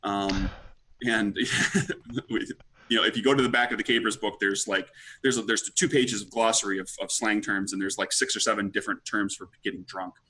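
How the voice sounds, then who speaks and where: A man's voice: on the low side, fairly even intonation, normal speed, bright, forceful tone, a little hiss or hum. A man guest chatting casually, rambling with many fillers. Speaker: guest, podcaster. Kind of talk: casual chat.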